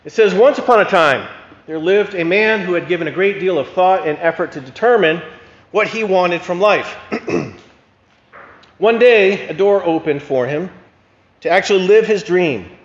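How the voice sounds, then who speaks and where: A man's voice: high-pitched, expressive, measured pace. Man speaking in an echoey hall. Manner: conversational, reflective. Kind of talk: sermon-style talk and fable reading. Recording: echoey hall, dull lo-fi sound.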